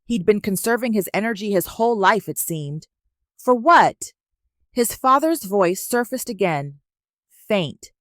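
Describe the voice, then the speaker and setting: A woman narrating a romance story in a measured, even reading. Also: medium pitch, no echo, studio quality.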